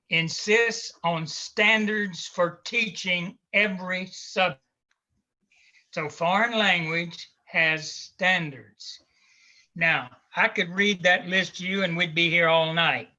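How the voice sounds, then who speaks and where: A man with a South Carolina Southern accent, giving a slow, deliberate conference talk of advice to visiting teachers. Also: high voice, bright, forceful tone, muffled recording. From South Carolina, United States. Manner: slow, deliberate, advisory, with fillers. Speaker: conference speaker.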